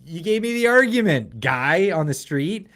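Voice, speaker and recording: A man hosting a casual livestream chat, talking in an animated, sarcastic way and laughing often. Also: high voice, moderate pace. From Canada. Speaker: show host.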